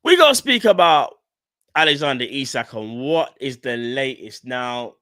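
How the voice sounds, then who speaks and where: A man's voice: medium pitch, expressive, unhurried, sharp tone, no room sound, clean studio sound. A man hosting a live fan stream, talking casually and in slang straight to his chat. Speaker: fan channel host.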